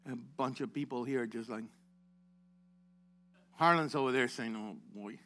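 A man preaching a sermon to his congregation, calling on members by name, rising to loud exhortations and dropping low again. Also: moderate pace, faint music behind. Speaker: pastor.

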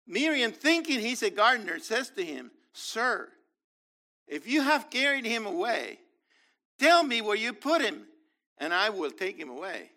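A man's voice: high voice, big pitch swings, unhurried, pushed and bright. A man teaching from the Bible, reading verses aloud and explaining them with enthusiasm.

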